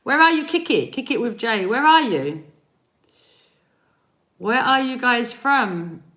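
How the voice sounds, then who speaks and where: A woman's voice: a little high, expressive, slow, pushed and bright. A woman from East London with an East London accent, chatting on a live stream as a spiritual reader, rambling and laughing as she greets viewers by name. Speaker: spiritual reader and energy healer. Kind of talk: live-stream chat answering viewer comments.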